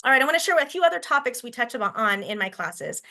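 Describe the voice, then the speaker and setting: Quick, bright-voiced woman presenting. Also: a little high, animated. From Washington State. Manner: chatty, thinks aloud with fillers and restarts. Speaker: teacher. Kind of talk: conference presentation.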